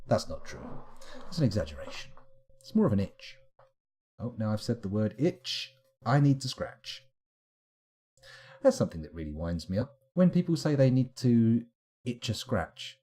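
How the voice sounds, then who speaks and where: Husky low-voiced man streaming a game. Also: sing-song, moderate pace, dark tone. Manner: rambling, wry running asides. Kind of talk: live gameplay commentary.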